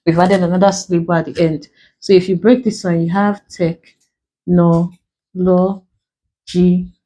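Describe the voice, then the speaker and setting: A woman with a Nigerian accent teaching an exam prep English lesson, explaining slowly and repeating key terms. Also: fairly low pitch, fairly even intonation, dark tone. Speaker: English tutor.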